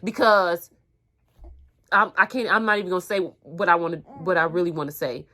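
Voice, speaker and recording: A woman's voice: lowish voice, brisk, pushed and bright. A mother venting in a vlog, heated and emphatic, repeating herself. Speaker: mother vlogger.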